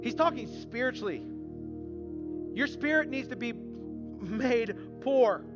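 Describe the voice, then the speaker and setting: A man's voice: very high voice, animated, slow. A man preaching a sermon as a pastor, earnest and emphatic, acting out quoted voices and repeating phrases for emphasis. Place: church sanctuary. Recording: reverberant church hall with band music.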